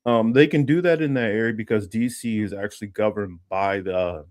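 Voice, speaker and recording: This political commentary host from the Los Angeles area talks fairly quickly, his voice lowish and darkish. His casual livestream wanders, thick with fillers and false starts, and he breaks off to read news items out loud. There's no echo; the sound is dry and close-miked.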